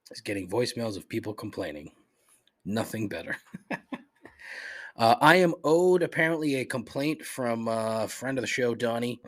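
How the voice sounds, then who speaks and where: Profane, ranting husky-voiced man. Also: fairly low pitch. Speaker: podcast host. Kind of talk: solo comedic complaint podcast.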